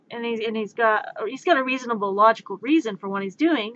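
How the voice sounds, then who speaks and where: A woman streamer in casual rambling chat, ranting in an animated, exasperated way. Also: mid-range voice, fairly quick, few pauses, highs cut off, a little hiss or hum.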